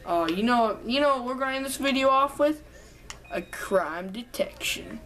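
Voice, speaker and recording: A woman's voice: fairly high pitch, lively intonation, moderate pace, fairly bright tone. A young woman casually commenting while playing a video game, rambling and joking with herself. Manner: chatty, rambling, breaks into humming and singing. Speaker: gameplay commentator.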